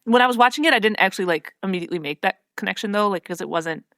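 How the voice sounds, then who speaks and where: A woman co-host talks through a TV episode in easy, agreeable chat full of "like" and small asides. Her pitch moves up and down animatedly, and she is recorded close and dry. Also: lively intonation, very fast, a bit bright, dry recording. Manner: chatty, agreeable, lots of fillers. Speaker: podcast co-host. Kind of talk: casual chat recapping an episode.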